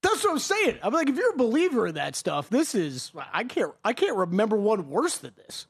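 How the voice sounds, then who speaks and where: A man's voice: high-pitched, huge pitch swings, brisk, creaky, slightly rough. A man co-hosting a sports talk show, giving short, wry replies and jokes. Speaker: sports radio co-host. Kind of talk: casual talk show banter.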